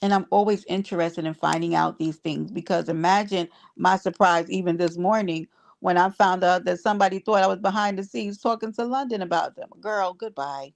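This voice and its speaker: A woman's voice: lowish voice, steady tone, brisk, gravelly. A woman hosting a casual livestream, talking bluntly to her viewers with exasperation and free cursing. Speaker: livestream host reading chat.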